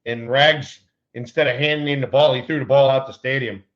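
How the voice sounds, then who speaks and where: A middle-aged man co-hosting a podcast, telling stories in a laid-back, drawn-out way and often repeating words. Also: medium pitch, fairly even intonation, muffled recording. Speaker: podcast co-host, former ballplayer. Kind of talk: casual storytelling chat.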